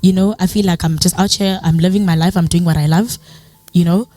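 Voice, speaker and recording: A woman's voice: fairly low pitch, fairly quick, faint music behind. Chatty South African woman telling her story. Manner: chatty storytelling with many "you know" fillers; acts out quoted dialogue in a lively way. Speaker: guest speaker. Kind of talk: motivational personal talk.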